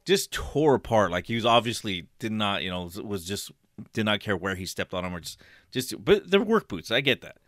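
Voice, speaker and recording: A man casually telling a story on a podcast, full of fillers, acting out a yelling customer. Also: on the low side, moderate pace, no echo, studio quality. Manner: animated, many fillers, acts out a shouting customer.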